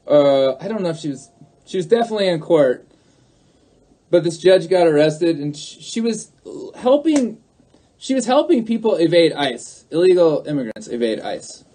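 A man's voice: a little high, big pitch swings, normal speed, dark tone. A man on a livestream who talks to his chat, arguing in a mocking, sarcastic way and repeating his points. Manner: argumentative, repeats himself. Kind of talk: livestream talk answering chat.

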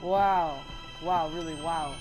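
Woman let's-player, slow-paced and excitable, over loud game music. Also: deep voice, low-quality recording. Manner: excitable, exclaims and repeats herself. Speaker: gamer. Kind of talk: let's play commentary.

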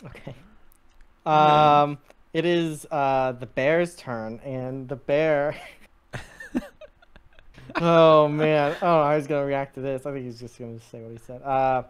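A man's voice: on the high side, takes it slowly, pauses often, clear, resonant tone. A man running a tabletop game as game master, laughing often and narrating the action. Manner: laughing, animated, voices figures briefly. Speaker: dungeon master.

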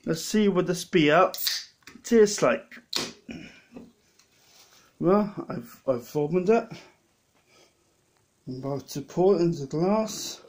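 A tipsy man with a Welsh accent talks to the camera in a casual tasting vlog. His voice sits a little high, and he speaks slowly. He rambles, trips over his words and starts his sentences again. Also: animated, darkish tone. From Wales. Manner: rambling, halting, with many restarts. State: a bit drunk. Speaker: lay preacher vlogger.

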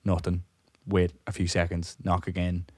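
A man's voice: low voice, completely flat delivery, normal speed, darkish tone, dry recording, clean studio sound. A young man co-hosting a podcast, telling a long story in a rambling way, swearing often and laughing as he goes. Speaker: podcast co-host. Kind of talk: casual storytelling chat.

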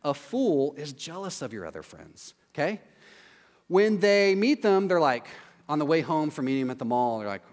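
A man preaching a sermon in a conversational way, often adding quick "right?" asides. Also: on the high side, lively intonation, long reverb tail. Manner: conversational, acts out quoted voices, frequent "right?" asides. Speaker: pastor.

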